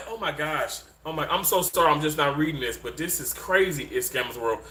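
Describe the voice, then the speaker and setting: A man in his thirties hosting a casual livestream and reading viewer comments, animated and emotional, dropping low and earnest then jumping high and excited, recorded on handheld mics in a room at home. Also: normal speed. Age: 30s. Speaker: livestream host. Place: indoor room with a bed. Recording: echoey room, faint background noise.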